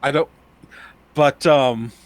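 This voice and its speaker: Halting man full of "like" fillers. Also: medium pitch. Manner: halting, filler-heavy, lots of "like". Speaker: podcast co-host. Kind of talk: casual chat.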